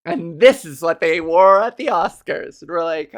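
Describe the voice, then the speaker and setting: A woman's voice: fairly low pitch, expressive, moderate pace, hardly any pauses. A woman comedian hosting her own podcast, rambling in a profane, self-mocking casual chat. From Canada.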